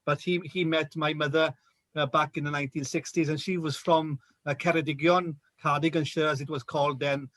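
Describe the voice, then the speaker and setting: A man's voice: a little high, little pitch movement, a little fast, fairly bright tone, no echo. A man with a Welsh accent, chatting as a guest on a video call and often repeating words as he talks. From Wales. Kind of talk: casual chat on a video call.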